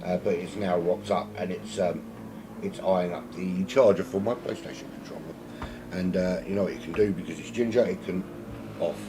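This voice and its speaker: A man with a South London accent calls a sim race alone from his home, drifting into jokey, self-mocking asides. His voice sits low. A steady hiss of background noise runs under the recording. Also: normal speed. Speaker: sim racing commentator. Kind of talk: solo race commentary.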